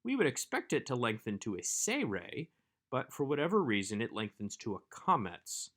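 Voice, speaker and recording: A man giving a recorded workbook lesson as a Hebrew instructor, explaining grammar in a measured way. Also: medium pitch, big pitch swings, fairly bright tone.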